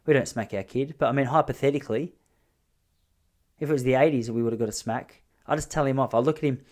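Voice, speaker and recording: A man hosting a solo podcast, rambling and joking in an animated way. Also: mid-range voice, fast talker. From Australia. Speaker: podcast host. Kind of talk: solo comedic monologue.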